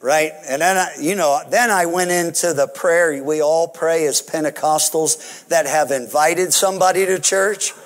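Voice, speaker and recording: Pastor guy, high voice, chuckly storytelling, big hall echo. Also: unhurried, few pauses. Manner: animated, chuckling storyteller with restarts. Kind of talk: sermon storytelling. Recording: long hall reverb.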